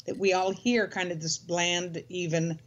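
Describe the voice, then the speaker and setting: A woman's voice: on the low side, flat delivery, measured pace. An older woman, a guest in a casual conversation, speaking in a reflective, wry way.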